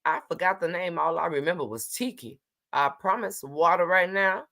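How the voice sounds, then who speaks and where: Low-voiced woman hosting a casual livestream. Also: animated, moderate pace, vocal fry, a bit bright. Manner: chatty, teasing, greets viewers by name. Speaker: livestream host.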